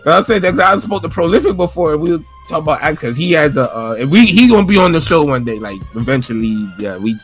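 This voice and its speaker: A man in casual podcast banter, his voice sitting a little high for a man. He talks loosely and profanely, joking with the crew, with soft music faint behind him. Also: animated, fast talker, hardly any pauses. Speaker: podcast co-host. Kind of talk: casual boxing chat.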